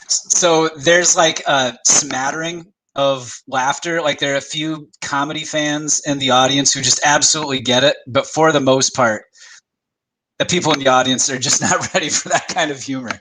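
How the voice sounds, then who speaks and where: A man running a tabletop game as game master, narrating quickly and filling gaps with "like" and "uh". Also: mid-range voice, steady tone, pushed and bright, low-quality recording.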